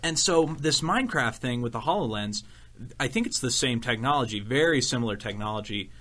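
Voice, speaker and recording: A man's voice: mid-range voice, expressive, a little fast, bright, forceful tone, slight background noise. A man on a radio show promoting a gaming convention he does PR for, talking in a rambling, joking way full of "uh"s. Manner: rambling, filler-heavy, joking. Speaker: convention PR guest. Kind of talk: casual radio chat. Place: radio studio.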